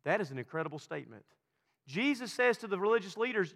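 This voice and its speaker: A man pastor delivers a sermon with a voice set a little higher than most. He hammers his points home through repetition and asks the congregation to answer back. His words trail off into the long reverb of a big church hall. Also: very animated, quick pace, gravelly, fairly bright tone. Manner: preaching with emphatic repetition and questions to the congregation.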